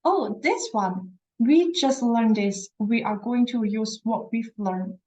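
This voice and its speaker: A woman teaching a beginner language class, talking slowly and patiently. Her voice sits a little high, and she repeats each word and praises her learners as she goes. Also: expressive, a little mellow, low-quality recording. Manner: repeats words slowly, encouraging, says "very good". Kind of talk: slow, patient language lesson.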